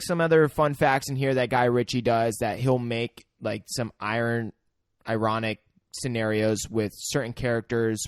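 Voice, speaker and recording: A man's voice: mid-range voice, no room sound, clean studio sound. A man co-hosting a podcast, chatting casually and sharing film trivia with lots of filler words. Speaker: podcast co-host. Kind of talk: casual movie chat.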